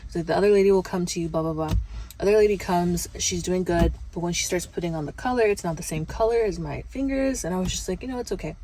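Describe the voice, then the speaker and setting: A woman's voice: on the low side, fast talker, dark tone, a little hiss or hum, low-quality recording. A young woman vlogger telling a casual, chatty story full of fillers and quoted back-and-forth.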